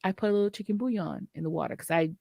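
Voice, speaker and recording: A woman co-hosting a podcast, telling a story in a casual, animated way, laughing often and acting out what people said. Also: lowish voice, very fast, gravelly, no echo, clean studio sound. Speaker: podcast co-host.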